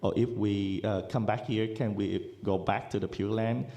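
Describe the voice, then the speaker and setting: A man interprets questions for a teacher, hesitant and halting with frequent fillers. His voice is low, gravelly and dark. The recording carries a roomy echo. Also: steady tone. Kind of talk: translating questions.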